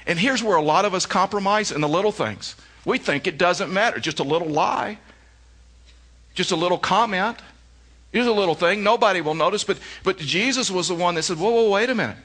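Middle-aged guy pastor preaching, slightly high voice, repeats lines for punch. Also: fairly quick, sharp tone. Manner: storytelling with emphatic repetition. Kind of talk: sermon.

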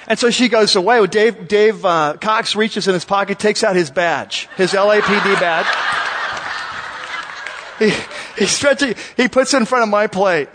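A male pastor telling a story to his congregation at a church service, animated and chatty with frequent uhs. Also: high-pitched, moderate pace, noisy background.

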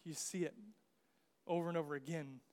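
Young male pastor, high voice, casual conversational sermon with comic asides. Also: steady tone, brisk, a little mellow. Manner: jokey, acts out biblical figures in slang asides.

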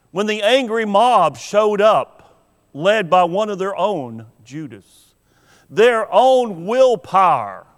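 A man preaching a sermon in an earnest, emphatic way, acting out the lines he quotes. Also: high voice. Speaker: pastor. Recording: long hall reverb.

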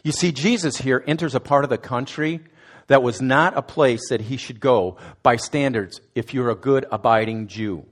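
A student ministries director with a mid-range voice gives a conversational sermon at a moderate pace. He puts direct questions to his listeners and now and then restarts words.

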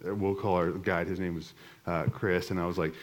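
A man's voice: deep voice, level tone, normal speed. A middle-aged man giving a conversational church teaching, telling a self-deprecating personal story with many restarts.

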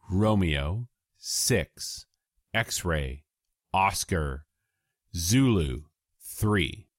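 Guy doing a goofy infomercial pitch on a podcast, slow and super animated. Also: no room sound, clean studio sound. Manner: lively pitchman delivery, spells out web links in phonetic alphabet. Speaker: podcast co-host presenting tech gifts. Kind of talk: casual podcast banter, mock sales pitch.

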